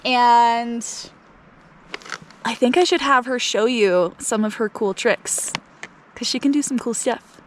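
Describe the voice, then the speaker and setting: A woman's voice: a little high, a little slow, slight background noise. A young woman vlogging casually outdoors by a mountain lake, chatty and upbeat, talking to the camera and giving commands to her dog. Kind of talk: casual vlog talk to camera.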